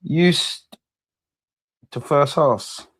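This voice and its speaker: A young man talks through a football match for his live audience. His voice sits a little high, and he argues back at his chat with plenty of swearing and exasperated indignation. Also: drawn-out words, fairly bright tone, slightly rough. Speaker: football watchalong host.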